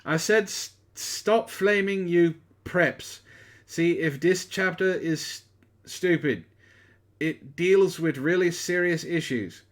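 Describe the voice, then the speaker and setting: A man's voice: fairly high pitch, unhurried. A man reading a story aloud for laughs, with sarcastic asides between lines. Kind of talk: mocking comedic dramatic reading.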